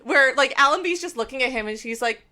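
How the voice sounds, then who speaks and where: A woman's voice: high-pitched, animated, fast talker, bright, forceful tone. A woman co-hosting a podcast, chatting casually and playfully about an anime, often laughing and acting out characters' lines. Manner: giggly, playful, acts out characters in quotes. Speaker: podcast co-host. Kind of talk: casual chat recapping an anime.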